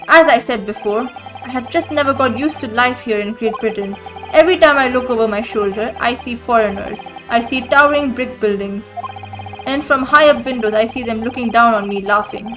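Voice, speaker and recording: A woman voicing an excitable, nervous young man studying abroad, who gushes in tongue-twisting alliteration. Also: very high-pitched, moderate pace, faint music behind. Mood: gushing. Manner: flustered, alliterative gushing.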